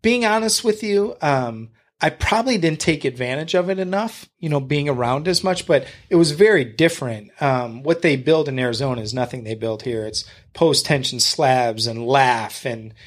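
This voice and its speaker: Speaking at a moderate pace with hardly any pauses, the medium-pitched Michigan man shares stories in a relaxed podcast chat. He acts out others' words with gusto and swears liberally.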